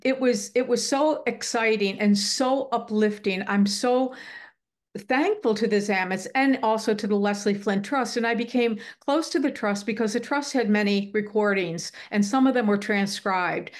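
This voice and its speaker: A middle-aged woman speaking in casual conversation, telling a heartfelt story earnestly and animatedly, often restarting her sentences. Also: mid-range voice. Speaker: guest speaker on the afterlife. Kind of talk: casual chat.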